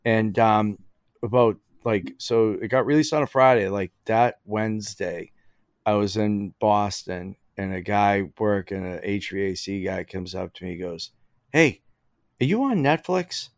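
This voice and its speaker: A man's voice: fairly low pitch, steady tone, unhurried, no room sound, studio quality. A middle-aged man telling stories in a casual chat, with lots of fillers like "you know". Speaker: guest. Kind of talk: casual storytelling.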